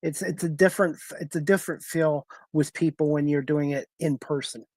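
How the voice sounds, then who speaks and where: A man hosting a talk show over a video call, asking guests steady, earnest questions. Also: a little high, fairly quick, no echo. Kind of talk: casual interview.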